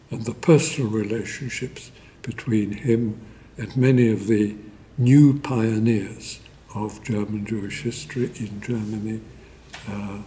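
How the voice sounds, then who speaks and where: A man giving a formal memorial lecture, measured and deliberate, with pauses and fillers and a dry scholarly wit. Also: fairly low pitch, mellow, a little hiss or hum.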